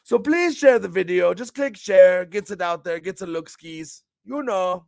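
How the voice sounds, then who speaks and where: Brash male streamer host, gravelly, high-pitched, dry close mic, hypes himself and swears. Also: expressive, measured pace, darkish tone, no echo. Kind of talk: casual livestream talk.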